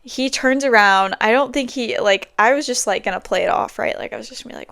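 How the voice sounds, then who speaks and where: A woman's voice: fairly high pitch, fast talker, few pauses, fairly bright tone, no room sound. A young woman hosting a podcast, telling stories in a rambling, casual way with lots of fillers. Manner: chatty, rambling storytelling with many fillers. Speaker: podcast host. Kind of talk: casual chat.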